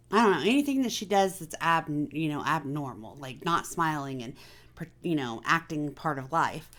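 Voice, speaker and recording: A woman hosting a casual personal chat, talking candidly and confidingly with many fillers. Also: fairly low pitch. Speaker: vlog host.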